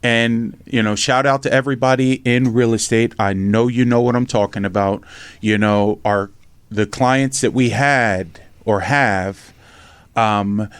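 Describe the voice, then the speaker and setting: A middle-aged man from Pennsylvania telling his life story in a casual interview, animated and blunt, swearing freely and acting out the voices in his tales. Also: fairly low pitch, takes it slowly, smooth, no echo. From Norristown, Pennsylvania, USA. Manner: animated storyteller, acts out quotes, swears freely, says "right?" often. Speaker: podcast host and memoir author.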